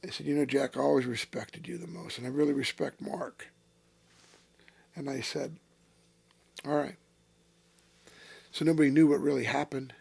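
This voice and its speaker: A man in his sixties, a former racing driver as interview guest, telling blunt, profane stories that flare into shouting. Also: medium pitch, steady tone, moderate pace, creaky, long pauses, husky. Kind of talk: storytelling in a casual interview.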